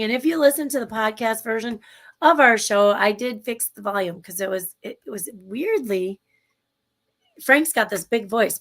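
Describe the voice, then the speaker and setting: A woman's voice: medium pitch, fairly bright tone. A woman with a Minnesotan accent, co-hosting a livestream show, chatting enthusiastically and rambling with restarts over a video call. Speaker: show co-host. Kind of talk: casual livestream chat.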